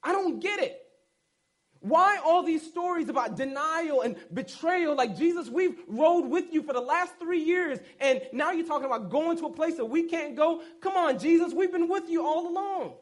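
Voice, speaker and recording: A man voicing a group of bewildered adult male disciples who plead with their teacher in rapid, exasperated questions. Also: very high-pitched, expressive, pitched above the performer's own voice.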